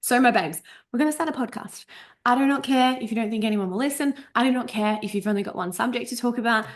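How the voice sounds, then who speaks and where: A woman's voice: a little high, fast. A woman in her thirties talks through a podcast workshop in a loose, chatty way, punching her points hard and swearing casually. She stumbles and restarts and sounds a little coughy. The sound is close and clean from a desk microphone on a video call. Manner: chatty, emphatic, swears casually, trips on words. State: a bit coughy. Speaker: coach running a podcast workshop. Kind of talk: casual spoken workshop talk. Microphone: desk USB microphone over a Zoom recording.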